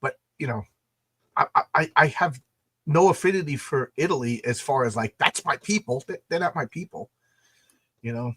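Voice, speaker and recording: A man's voice: medium pitch, lively intonation, normal speed, pushed and bright, husky. An American man co-hosting a casual livestream chat, enthusiastic and often repeating words as he thinks. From United States. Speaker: co-host of a comics show.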